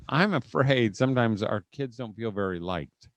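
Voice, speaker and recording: A middle-aged man from Indiana speaks to a live audience, at a mid-range pitch, in a dry, close sound. He tells folksy family anecdotes with frequent chuckles and acts the scenes out. The talk is humorous but aimed at teaching parents. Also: measured pace, few pauses, no echo. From Indiana, USA. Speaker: conference speaker.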